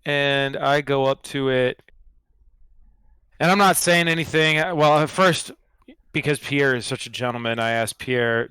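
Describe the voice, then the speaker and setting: A man's voice: mid-range voice, steady tone, a little slow, pushed and bright, clear, resonant tone, dry recording. A man playing a tabletop game, describing his character's actions and slipping into quoted character lines. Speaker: player. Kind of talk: casual tabletop play.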